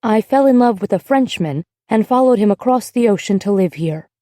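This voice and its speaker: A glamorous young woman from a storybook, gentle and kindly, speaking softly to a child next door, played by a woman narrator. Her voice is mellow and low-key, recorded close and dry. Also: animated, normal speed, dry recording, natural voice.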